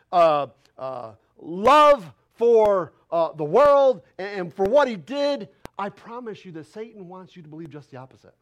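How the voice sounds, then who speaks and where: A man preaching in a church with a strikingly high voice that swoops widely as he presses each point. He slows down to drive lines home, talking in a plain folksy way with rhetorical questions. His delivery stays passionate and emphatic throughout. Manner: passionate, emphatic, rising to loud declarations. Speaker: pastor. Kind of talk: sermon. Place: church sanctuary.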